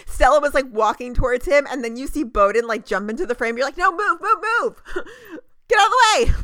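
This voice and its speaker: A woman recapping a TV show on a podcast, gushing and animated, full of casual fillers. Her voice sits a bit high. It is recorded dry and close to the mic. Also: dry recording. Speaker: podcast co-host.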